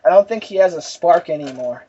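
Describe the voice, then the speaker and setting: High-voiced young man reviewing a movie. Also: expressive, a little fast, dark tone, husky. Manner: rambling, giggly, many fillers. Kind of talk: casual chat. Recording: dull lo-fi recording.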